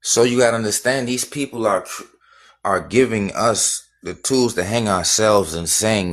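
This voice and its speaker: A man's voice: lowish voice, moderate pace, fairly bright tone. A man holding forth on a casual livestream, insistent and repetitive. He hammers the same phrases again and again and throws out rhetorical questions. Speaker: livestream host.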